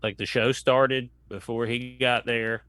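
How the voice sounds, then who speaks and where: A comedian telling a long rambling anecdote in casual chat, acting out what people said. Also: male voice, mid-range voice, flat delivery, a little slow, fairly bright tone, no echo. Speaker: comedian guest.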